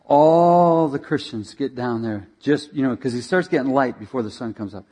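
A male preacher telling a dramatic story in a sermon, animated and directing slides as he goes. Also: mid-range voice, normal speed, hardly any pauses.

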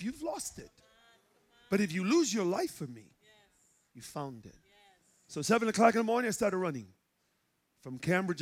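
A male pastor from Chicago with a Chicago accent, preaching and telling stories, going from loud shouts to hushed quiet. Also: sits high. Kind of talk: sermon. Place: church sanctuary.

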